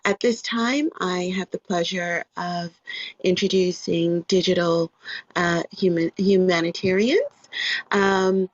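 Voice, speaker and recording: A woman hosts an online discussion, speaking slowly and reflectively with a low, gravelly, breathy voice. She hedges with fillers as she thinks, and the sound is dull and dry. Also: dry recording. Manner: slow, warm, reflective with many fillers. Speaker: host. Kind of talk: moderating an online audio room.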